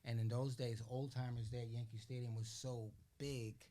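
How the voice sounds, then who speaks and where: An older man, interviewed on a podcast, tells stories casually and animatedly, acting out the voices of the people he quotes. He keeps asking "you know what I'm saying?" and speaks at a moderate pace in a medium-pitched voice.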